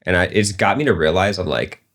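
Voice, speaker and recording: A young man with a very low, deep voice talks through business lessons on a casual podcast. He tells animated stories and acts out the voices of the people in them. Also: fairly quick. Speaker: podcast host.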